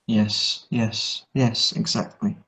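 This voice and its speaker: A man's voice: lowish voice, little pitch movement, slow pace, a bit bright. A man whose first language is Hungarian, co-hosting a casual English-learning chat on a live stream, often repeating his words and laughing.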